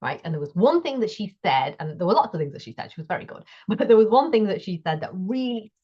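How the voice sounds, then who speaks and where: A woman hosts a solo coaching talk, mid-pitched and emphatic. She drives each point home and keeps checking in with her listener. The recording sounds a little dull and lo-fi. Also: sing-song, quick pace, husky. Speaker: business coach and host.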